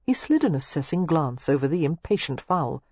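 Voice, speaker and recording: An audiobook narrator reading a novel aloud in an expressive, scripted style. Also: normal speed, husky, no echo. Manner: expressive, shifting pitch through the narration. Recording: dull lo-fi dry recording.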